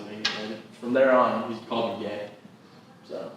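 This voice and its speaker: A man's voice: medium pitch, brisk. Foul-mouthed male comedian telling stories, echoey. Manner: swears constantly, animated anecdotes. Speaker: comedian and podcast co-host. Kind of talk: profane casual storytelling. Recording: echoey room, distant mic, noisy.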